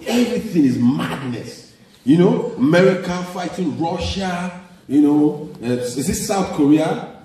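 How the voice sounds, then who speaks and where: Animated Nigerian man doing stand-up. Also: unhurried. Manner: animated, mimics parents and kids in high squeaky voices. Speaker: stand-up comedian. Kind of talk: stand-up comedy set. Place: large theater stage. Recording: echoey live hall from a distance, loud crowd laughter.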